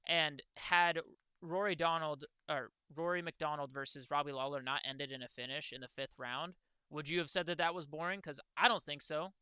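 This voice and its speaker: Excitable young man, bright and crisp. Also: a little high, normal speed, no room sound. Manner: excitable, swears freely, talks to chat. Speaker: streamer. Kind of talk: casual livestream chat.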